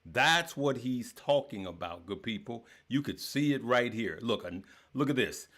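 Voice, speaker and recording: A man hosting a casual stock market livestream, talking to viewers in an energetic, repetitive way and calling them "good people". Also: medium pitch, measured pace.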